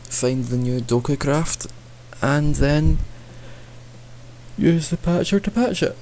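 A young gaming channel host rambles through let's-play commentary at his computer mic, mocking himself and talking to himself as he plays. His medium-pitched voice is animated yet slow, with frequent pauses and a darkish tone, plus slight background noise.

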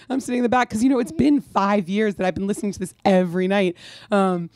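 A woman's voice: medium pitch, steady tone, fast talker, darkish tone, no echo. Dry, rambling woman author at a talk. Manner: rambling, self-mocking storyteller with many restarts. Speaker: author at a bookstore event. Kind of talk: conversational Q&A and anecdote. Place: bookstore event before an audience.

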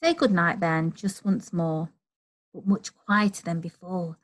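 A woman reading a children's bedtime story aloud, gentle and slow, with high, playful animal noises. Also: expressive.

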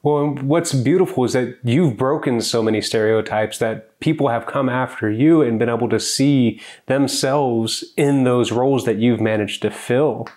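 A man's voice: medium pitch, normal speed, hardly any pauses, darkish tone. Thoughtful male podcast host from Hawaii. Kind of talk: interview questions.

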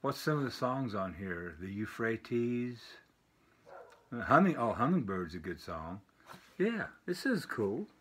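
An older man casually showing off a package of vinyl records, rambling with lots of filler pauses. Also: mid-range voice, sing-song, slight background noise. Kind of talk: casual unboxing vlog. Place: home with dogs barking nearby.

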